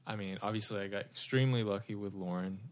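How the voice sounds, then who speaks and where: A man speaking as a podcast guest, measured and soft-spoken. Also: lowish voice. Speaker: guest, dating show contestant. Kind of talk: casual podcast chat.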